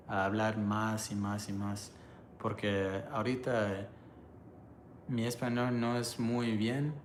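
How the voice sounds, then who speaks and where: A man's voice: fairly low pitch, a little hiss or hum. Easygoing male livestreamer chatting. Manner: laughs often, loose and joking; halting when he switches languages. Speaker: livestreamer reading chat. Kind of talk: casual live stream chat.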